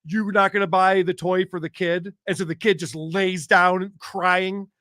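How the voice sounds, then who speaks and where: A male host gives joking, sarcastic commentary on police clips in a high, bright voice. The recording is dry and close. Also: level tone, a little slow, no echo. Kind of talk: casual commentary on police videos.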